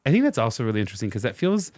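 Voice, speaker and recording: A man co-hosting a podcast, relaxed and reactive, with quick asides. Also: mid-range voice, dry recording. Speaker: podcast co-host. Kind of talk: casual chat.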